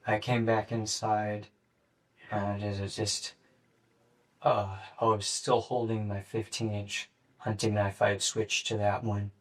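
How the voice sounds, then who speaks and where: A young man in his late teens gives a police interrogation statement in a flat, matter-of-fact way, halting with fillers. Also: fairly low pitch. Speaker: murder suspect being interrogated. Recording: distant mic in an interrogation room.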